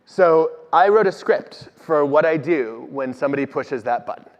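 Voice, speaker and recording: Guy telling funny work stories on stage, bit higher voice, muffled recording. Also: moderate pace. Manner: animated storytelling, self-deprecating humor. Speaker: organizational psychologist guest speaker. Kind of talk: conversational talk on stage. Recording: dull audio with long hall reverb.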